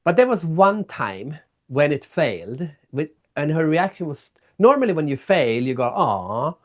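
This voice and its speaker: A man guest in a casual interview, telling stories in an animated way and acting out people's reactions. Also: on the high side, normal speed. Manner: animated storyteller, acts out reactions. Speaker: guest, keynote speaker and author.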